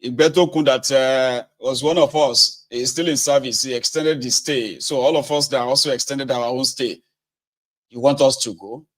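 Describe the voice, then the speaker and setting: A middle-aged man, hosting casual political commentary with sardonic, animated delivery. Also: mid-range voice, moderate pace. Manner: animated, sardonic, swinging between mutters and outbursts.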